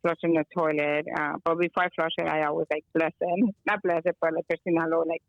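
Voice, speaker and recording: Over a phone or video call, a female guest caller with a deep voice talks fast in a flat delivery; the audio is dull with no room sound. She rambles through a long, casual story packed with fillers and sprinkled with Spanish phrases.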